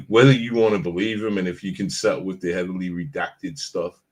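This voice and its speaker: A man's voice: deep voice, brisk. A man hosting a casual live stream, talking animatedly and repeating himself as he gathers his thoughts. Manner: animated, repeats words, laughs easily. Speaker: host.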